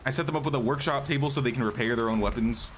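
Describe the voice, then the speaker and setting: Racing along in a mid-range voice, a man talks casually through a live gaming stream, musing aloud and greeting viewers. There's a little hiss or hum, and his voice sounds slightly worn out.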